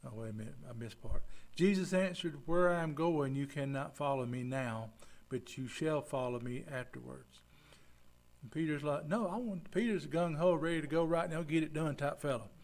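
A man's voice: on the high side, moderate pace, hardly any pauses, a little mellow. A man preaching a folksy sermon as pastor, acting out the people he quotes. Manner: folksy, acts out quoted voices.

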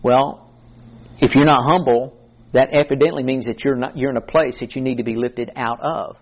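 A man's voice: mid-range voice, fairly even intonation, moderate pace, dull audio. A man preaching a sermon in an earnest, conversational way, quoting scripture as he goes.

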